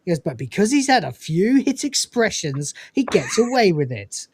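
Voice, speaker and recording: A man's voice: sits high, normal speed, husky. A man hosting a casual review show, retelling scenes and acting out the characters' lines. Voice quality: animated storyteller, acting out quoted lines. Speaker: podcast host reviewing episodes. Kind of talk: casual recap chat.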